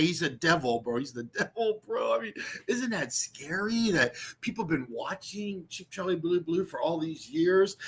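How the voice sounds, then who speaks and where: A man's voice: on the high side, a bit bright, slightly rough. A man doing ranting livestream commentary, mocking and profane, repeating himself and swearing freely. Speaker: streamer.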